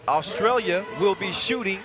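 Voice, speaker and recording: A man calling a live basketball game, with quick, jokey, excitable play-by-play. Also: high-pitched, music in the background. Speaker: play-by-play commentator. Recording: loud crowd behind.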